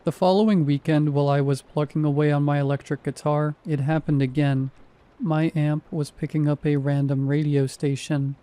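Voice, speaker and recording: A man's voice: on the high side, level tone, moderate pace, warm tone. Wry male horror story narrator. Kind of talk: scripted first-person horror narration.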